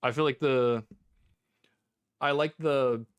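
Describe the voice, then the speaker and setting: A man's voice: medium pitch, steady tone, slow pace, clean tone, no room sound. Male game streamer, conversational live commentary, dry booth-like sound. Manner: chatty, talks to chat, bursts of laughing frustration.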